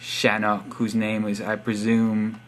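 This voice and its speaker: A man's voice: lowish voice, completely flat delivery, takes it slowly, fairly bright tone, a little hiss or hum. A young man reading out subscriber profiles in a casual, sarcastic, teasing monologue. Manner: sarcastic teasing, reads profiles aloud with wry asides. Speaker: vlogger giving subscriber shoutouts.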